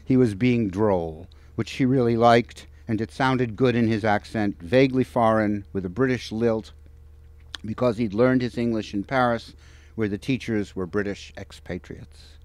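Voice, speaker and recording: A novelist reading from his book at a bookstore event, in a measured, expressive manner. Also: on the low side, dry recording.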